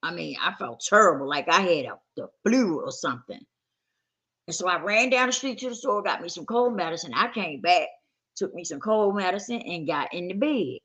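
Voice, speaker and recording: A woman with a husky, slightly low voice tells her own story in a relaxed, candid way. Her delivery is animated and swoops freely in pitch. The tone stays bright and forward, and she slips into the voices of people she quotes. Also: normal speed. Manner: conversational, acts out quoted dialogue. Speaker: personal testimony speaker.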